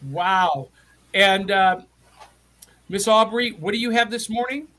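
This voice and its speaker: A man's voice: high-pitched, slow pace, pushed and bright. A middle-aged man from Middle Tennessee hosting a live online show, chatty and enthusiastic with frequent restarts. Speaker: host.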